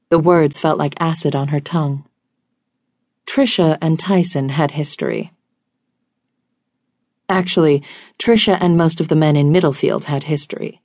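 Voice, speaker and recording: A woman reading a romance audiobook in an even, measured way. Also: sits low, no echo, clean studio sound. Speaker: audiobook narrator. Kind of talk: scripted romance narration.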